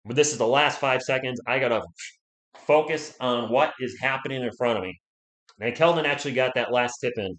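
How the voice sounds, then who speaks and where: Excitable dude calling a basketball game on a stream, bright sharp voice, kinda losing his voice. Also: medium pitch, fairly quick. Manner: excitable, swings from calm calls to shouting at big plays. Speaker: livestream play-by-play host. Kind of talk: fan play-by-play commentary.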